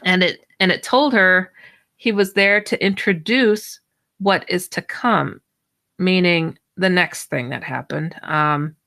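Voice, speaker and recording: A woman guest and paranormal researcher telling a personal story in an animated, rambling way, full of false starts, her pitch leaping up when she acts out her own reactions. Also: slow pace. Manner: excitable, jumps high when acting out her own reactions. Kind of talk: animated personal storytelling in an online audio chat.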